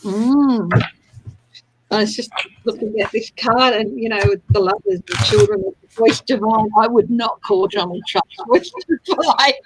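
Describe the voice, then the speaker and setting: A woman's voice: fairly high pitch, lively intonation, a little slow, background noise. A woman from Australia hosting a casual tarot reading livestream, chatting and laughing often. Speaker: tarot reader livestream host.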